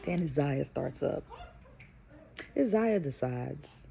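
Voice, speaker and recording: A young woman and mother telling a story to camera in a casual, animated, profane way. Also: deep voice, takes it slowly, gravelly, slight background noise. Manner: animated, profane, emphatic retelling. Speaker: vlogger and mother.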